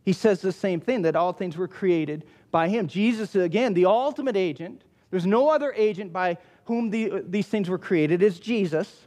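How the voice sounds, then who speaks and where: A man's voice: high-pitched, normal speed, few pauses, darkish tone. A male pastor preaching a sermon, emphatic and repeating key phrases for weight. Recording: long hall reverb.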